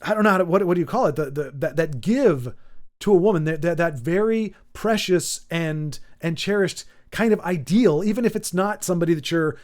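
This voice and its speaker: A man with a high-pitched voice hosts his own channel and rants off the top of his head. He rambles, restarts his sentences and fills the gaps with ums. He sounds casual and unscripted. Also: brisk. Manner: rambling, full of restarts and fillers. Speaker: channel host. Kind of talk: off-the-cuff commentary rant.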